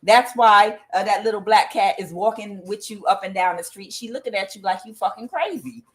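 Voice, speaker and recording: A woman's voice: mid-range voice, normal speed, rough recording. A woman giving a casual tarot reading, talking bluntly with profanity and drifting into rambling asides to her cat. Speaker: tarot reader.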